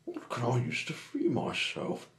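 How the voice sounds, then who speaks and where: A man puts on a small young tugboat who is bored with his chores. The voice sits a little higher and rings bright in an echoey room. It unfolds slowly, storybook style. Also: huge pitch swings. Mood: anxious.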